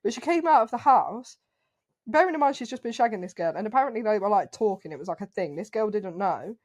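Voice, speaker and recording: A young woman, co-hosting a podcast and telling a story in a casual, animated way, swearing and laughing often. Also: medium pitch, fast talker. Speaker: podcast co-host.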